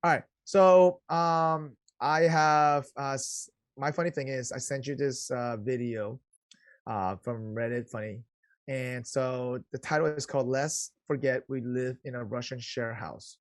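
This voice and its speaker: Excitable man co-hosting a chat podcast. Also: mid-range voice, dry recording, clean studio sound. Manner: excitable, interrupts with quick questions. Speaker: podcast co-host. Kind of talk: casual chat.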